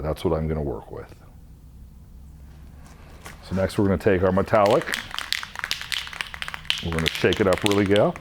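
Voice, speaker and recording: A man with a very low voice talks through a hands-on craft demonstration at an easy pace. He explains each step plainly as he works. Faint noise sits behind his voice. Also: darkish tone. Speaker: epoxy craft instructor.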